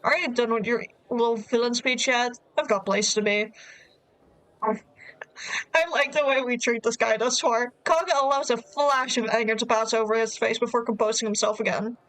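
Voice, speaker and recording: A woman's voice: a little high, steady tone, normal speed, fairly bright tone, no echo, poor audio. A woman streamer reading a dating sim aloud and adding wry, amused asides, on a close desk mic.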